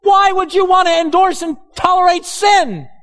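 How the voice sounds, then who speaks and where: A man's voice: very high voice, moderate pace, fairly bright tone, in a large hall. A male pastor preaching a sermon emphatically, with sarcastic asides.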